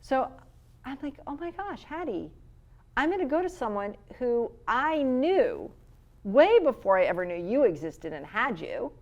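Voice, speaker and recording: A woman's voice: fairly high pitch, a little slow, dull audio. A middle-aged woman, chatting casually and telling a story, acting out the quotes. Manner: storytelling, animated, acts out quotes. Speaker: podcast co-host. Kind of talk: casual chat.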